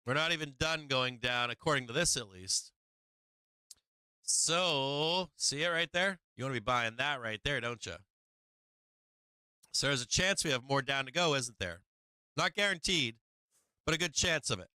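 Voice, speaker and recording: Guy running a live trading stream, super bright crisp voice, dry close mic, keeps asking the chat questions. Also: medium pitch, expressive, normal speed, pauses often, no echo. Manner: rhetorical questions to viewers, chats to his cat. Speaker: stock market stream host.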